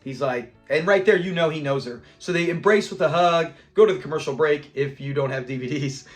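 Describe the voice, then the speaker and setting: A chatty man hosting a relaxed episode review, retelling scenes with lots of animation and frequent laughter. His voice sits high for a man, and faint music plays behind him. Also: brisk. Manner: animated retelling, laughs often and quotes characters. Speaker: host reviewing a sitcom episode.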